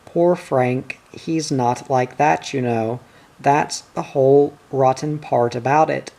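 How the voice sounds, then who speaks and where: Brief: reader voicing a soft-spoken, worried wife, slow and mid-pitched. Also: fairly even intonation, gravelly. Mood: pleading. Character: gentle, pleading worried wife.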